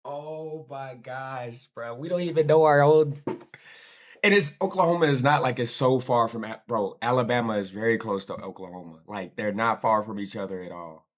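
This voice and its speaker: A man's voice: medium pitch, a little fast. An American man hosts a reaction video in loose, slangy talk, teasing his own countrymen. His voice sits in an ordinary middle range and often drops away to a mutter at the end of a thought. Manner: chatty, slangy, self-mocking, often trails off softly. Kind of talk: casual reaction commentary.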